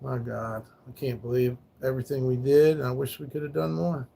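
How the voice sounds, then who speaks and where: A man speaks in a gravelly, mid-pitched voice, rambling loosely on a livestream. He swears freely and sounds grieving and subdued, trailing off into soft asides. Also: level tone, brisk, a little hiss or hum. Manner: rambling, profane, grieving, reads chat. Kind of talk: casual livestream talk.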